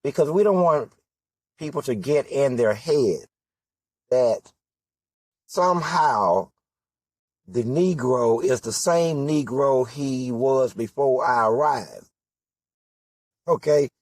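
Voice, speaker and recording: A man's voice: medium pitch, expressive, slow, pauses often, a little mellow, dry recording. A man giving an impassioned political monologue, full of rhetorical questions and emphatic repetition. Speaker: political candidate.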